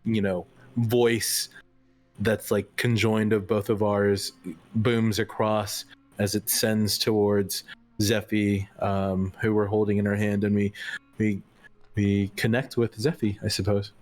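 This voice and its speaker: A man's voice: lowish voice, little pitch movement, slow pace, darkish tone. A man playing a tabletop role-playing game, rambling and hesitant as he describes his turn. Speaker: player.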